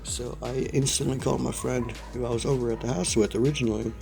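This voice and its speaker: A young man rambles through a casual vlog story, laughing as he goes and throwing in "dude" constantly. His voice is mellow and sits in a middle pitch. Faint music plays underneath. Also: fairly even intonation, quick pace, gravelly. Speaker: vlogger.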